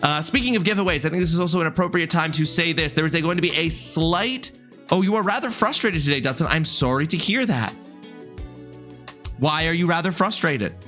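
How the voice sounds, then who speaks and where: A man in his thirties talks casually through a live game stream, answering chat and greeting viewers one by one. His voice sits a little high and rings bright and forceful, with soft music faintly playing underneath. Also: lively intonation, fairly quick. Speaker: livestreamer.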